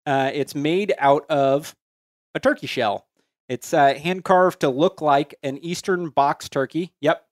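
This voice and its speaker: A man's voice: fairly high pitch, unhurried, hardly any pauses, dry recording, clean studio sound. A man co-hosting a casual podcast, reading listener listings aloud and carefully spelling out handles letter by letter.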